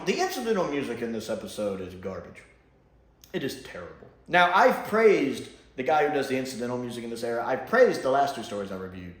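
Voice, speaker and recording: A man's voice: on the high side, fairly bright tone. A man giving a casual spoken episode review, blunt and sarcastic, with mocking asides. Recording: echoey room.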